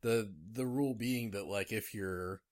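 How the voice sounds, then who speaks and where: A man's voice: fairly low pitch, measured pace. A man co-hosting a casual podcast, rambling with lots of filler words and restarts. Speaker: podcast co-host.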